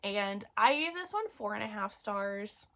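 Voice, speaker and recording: Woman book reviewer, casual chat, gravelly fry, lots of fillers. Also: mid-range voice, animated, a little slow, pushed and bright. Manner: chatty, many fillers, gets emotional.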